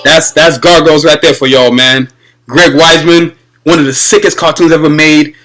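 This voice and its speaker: A young man hosting his own show, chatting casually and excitedly to his viewers about cartoons, rambling and calling them y'all. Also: on the high side, normal speed, soft background music, poor audio. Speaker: video podcast host. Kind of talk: casual fan commentary.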